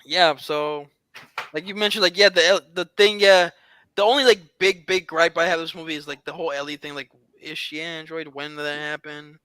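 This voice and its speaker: A man's voice: on the high side, steady tone, fairly quick, pushed and bright, clear, resonant tone, no echo. A man co-hosting a casual movie podcast, nitpicky, laughing often and stumbling over restarts. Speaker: podcast co-host.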